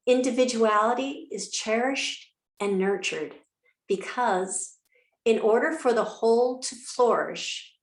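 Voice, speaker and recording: A woman yoga teacher talks a class through a breathing exercise, slow and deliberate, leaving long gaps between phrases. Her voice sits at a middling pitch. The sound carries the echo of a reverberant room. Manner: calm, unhurried, with soft pauses and fillers. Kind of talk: guided breathing instruction.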